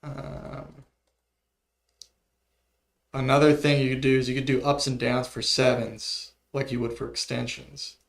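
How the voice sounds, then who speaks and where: Man, gravelly voice, slow talk, mumbling and thinking aloud, casual stream chat. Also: medium pitch, level tone. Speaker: music producer streaming his work.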